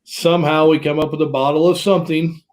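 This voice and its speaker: A man's voice: on the high side, flat delivery, fast, darkish tone, rough recording. A man hosting a podcast, joking and eager as he chats. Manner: enthusiastic, joking. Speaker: podcast host. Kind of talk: casual podcast chat.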